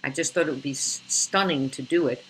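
An older woman, an actress, telling stories in an animated, theatrical way over a video call. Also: sits low, fairly quick, a little hiss or hum, poor audio. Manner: theatrical, expressive, slips into character voices. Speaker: actress guest. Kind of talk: animated interview storytelling.

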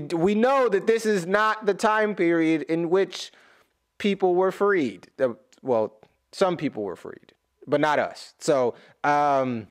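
A man giving casual reaction commentary as a YouTuber, rambling, correcting himself and adding humorous asides. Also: on the high side.

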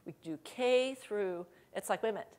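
A middle-aged woman giving a conference keynote, telling lively anecdotes with laughter and acted quotes. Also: medium pitch, moderate pace. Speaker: keynote speaker. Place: conference hall stage.

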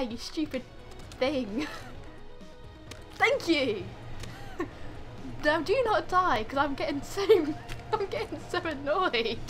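A woman's voice: sits high, big pitch swings, takes it slowly, pauses often, fairly bright tone, faint music behind. A woman doing let's play commentary, exasperated and laughing often as she scolds the game character. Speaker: gamer.

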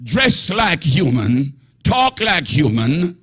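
A man preaching a sermon emphatically, often rising to shouts. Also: on the high side, sing-song, slow pace, husky.

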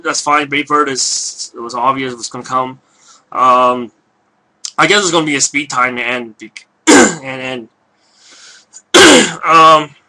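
A man giving casual live commentary on a video game he is playing, hoarse from losing his voice, talking in a rambling, hesitant way full of fillers and restarts. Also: medium pitch, pushed and bright.

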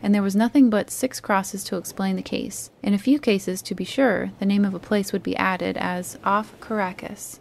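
Calm woman reading a story aloud, slightly gravelly. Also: medium pitch, moderate pace, few pauses, slight background noise. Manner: soft and soothing, gently voicing the characters. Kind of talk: calm bedtime read-aloud.

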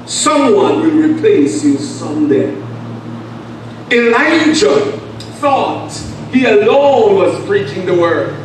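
Antiguan male pastor, high voice, emphatic call-and-response sermon, distant mic, echoey church. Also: sing-song, slight background noise. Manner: emphatic preaching with call-and-response and long pauses. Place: church sanctuary. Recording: echoey church sound from far off.

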